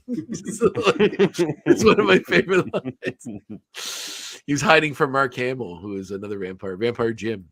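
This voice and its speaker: Brief: male podcast host, mid-pitched, rambling and chatty, dry close recording. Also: lively intonation, normal speed, no echo. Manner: rambling, many fillers and restarts, laughs often. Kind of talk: casual chat recapping a cartoon episode.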